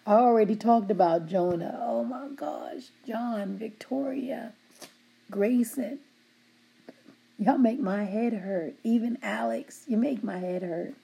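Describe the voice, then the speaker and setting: Husky, slow-talking woman with a gravelly edge. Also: a little high, warm tone. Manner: laughs often, teasing yet heartfelt. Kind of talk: affectionate shout-outs to her team.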